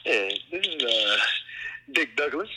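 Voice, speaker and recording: A man's voice: medium pitch, sing-song, measured pace, over music, poor audio. A man co-hosting a podcast, joking around in casual chat with frequent stammered restarts. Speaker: podcast co-host.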